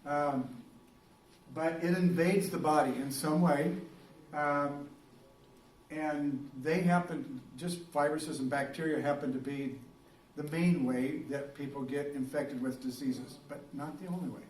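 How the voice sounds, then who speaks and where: A man's voice: fairly high pitch, steady tone, a little slow, darkish tone, slight background noise. Man lecturing in a roomy classroom. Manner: casual and rambling, with many fillers and restarts. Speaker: biology teacher. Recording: roomy classroom, recorded from a distance.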